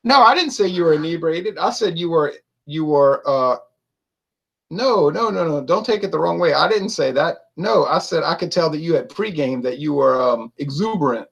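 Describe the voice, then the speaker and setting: Chatty gravelly-voiced man reviewing beer. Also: on the high side, expressive, normal speed, fairly bright tone, lo-fi sound. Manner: chatty, laughing, reads out viewer comments. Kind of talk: casual chat to a live-stream audience.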